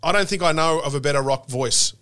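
A man in his forties conducts an interview, full of eager, effusive praise for his guest. His voice sits a bit high and has a bright, forward edge. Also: brisk. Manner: enthusiastic, effusive fan.

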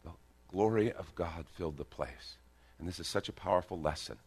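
A man preaching a sermon in a church, animated, with bursts of emphasis and joking asides. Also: low voice, brisk, slightly rough. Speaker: pastor. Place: church sanctuary.

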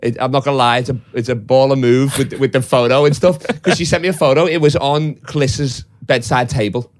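Fast-talking young man rambling. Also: medium pitch, fairly even intonation. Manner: rambling storytelling, lots of swearing and laughing. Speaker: podcast co-host. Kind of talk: casual chat.

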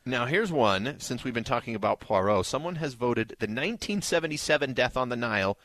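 An upbeat man hosts a radio movie show, reading listener texts aloud and chatting casually. His voice sits at a middle pitch. The studio sound is dry and close. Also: animated, brisk, a bit bright, dry recording.

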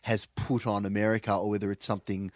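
A man's voice: lowish voice, little pitch movement, fast talker, a crowd in the background. A man, a guest on a comedy podcast, hesitant and repeating words as he thinks aloud. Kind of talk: casual comedic banter.

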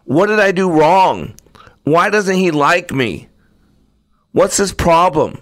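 A man's voice: fairly high pitch, very animated, slow pace, vocal fry, no room sound, clean studio sound, pitched above the performer's own voice, heavily acted. A man voicing a plaintive talking teacup. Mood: distressed. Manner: raised pleading cries.

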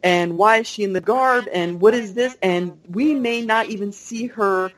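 A woman's voice: mid-range voice, moderate pace, poor audio. A woman co-hosting a casual fan podcast, rambling and hesitant with many ums. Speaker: podcast co-host.

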